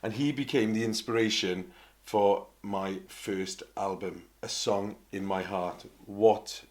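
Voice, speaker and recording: A man's voice: lowish voice, steady tone, darkish tone, slight background noise. Chatty Welsh man telling stories. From Wales. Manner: chatty, self-mocking, quick to laugh. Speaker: opera singer. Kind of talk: casual anecdotal storytelling.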